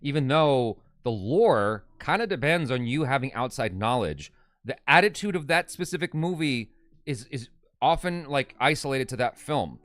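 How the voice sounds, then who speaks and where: A man's voice: medium pitch, lively intonation, moderate pace, a bit bright, dry recording. A man co-hosting a casual live stream, reading viewer comments aloud and reacting. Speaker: co-host reading live chat.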